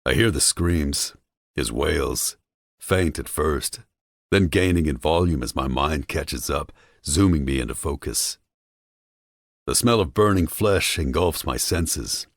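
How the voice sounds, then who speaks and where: A man narrating a first-person audiobook with a dark, menacing delivery, recorded on a close studio mic. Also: very deep voice, vocal fry, no room sound.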